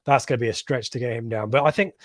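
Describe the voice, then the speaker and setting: A man hosting a live podcast, easygoing and chatty, stopping to read out comments from viewers. His voice sits at a middle pitch and is recorded close and dry. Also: racing, no echo. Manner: chatty, reads out viewer comments, laughs often. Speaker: podcast co-host. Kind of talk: casual live reaction chat.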